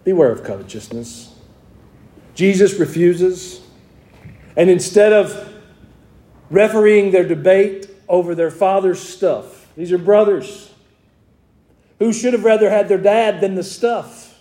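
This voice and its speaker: A man's voice: sits high, takes it slowly, long pauses, mellow. A man with a Southern US accent preaching a sermon in a conversational way, asking his congregation rhetorical questions. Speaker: pastor.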